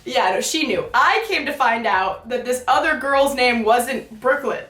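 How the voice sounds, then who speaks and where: A woman's voice: fairly high pitch, measured pace, fairly bright tone. A young woman of about twenty chatting casually and giggling as she rambles through a story. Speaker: vlogger. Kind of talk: casual chat. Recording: roomy, from some distance off the mic.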